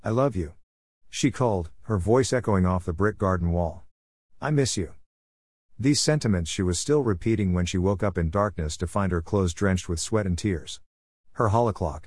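A man narrating a novel in a measured, descriptive storytelling manner. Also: sits low, darkish tone, dry recording, clean studio sound. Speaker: audiobook narrator. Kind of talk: scripted narration.

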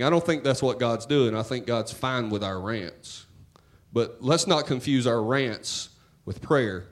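A man preaching a sermon in church, talking to the congregation in a conversational, joking way and swinging between loud and hushed. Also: medium pitch, expressive, measured pace. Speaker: pastor.

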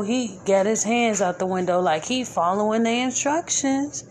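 A woman hosts a podcast episode, speaking in a medium-pitched, slightly mellow voice at normal speed with hardly any pauses. Her commentary is casual and colloquial in grammar, and she repeats her points with indignant emphasis. There's a little hiss or hum.

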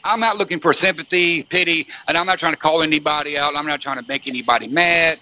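A man's voice: a little high, fast talker, sharp tone, a little hiss or hum. A man hosting a podcast, ranting emphatically in casual talk, repeating himself and swearing constantly. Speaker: podcast host. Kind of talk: profane ranting podcast chat.

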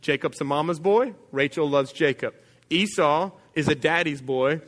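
Conversational preacher in an echoing church. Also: male voice, moderate pace. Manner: conversational, storytelling, drops low and quiet for emphasis. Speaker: pastor. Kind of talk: sermon.

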